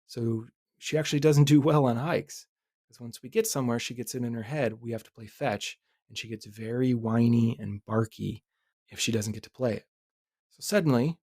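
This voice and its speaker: A man's voice: medium pitch, no room sound, studio quality. Candid man telling a personal story. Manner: relaxed, candid, occasional swearing. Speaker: podcast host.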